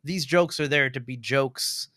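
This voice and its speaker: A man with a bright, forceful voice talking through a film in casual podcast chat. He gets animated and slips into little impressions of the characters. The sound is dry and close, with no room around it. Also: mid-range voice, no echo. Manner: animated, acts out movie lines in quick impressions. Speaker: podcast co-host.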